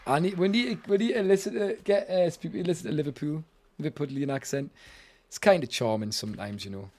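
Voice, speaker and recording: English male streamer, teasing and chatty, higher-pitched voice. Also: quick pace, a little mellow. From England. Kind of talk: casual gaming stream chat.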